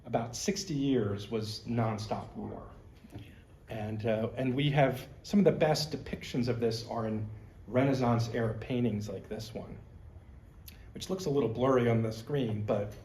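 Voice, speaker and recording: A man's voice: medium pitch, unhurried, mellow, reverberant, a little hiss or hum. A man giving a conversational history lecture as a museum curator, explaining with slides and personal asides.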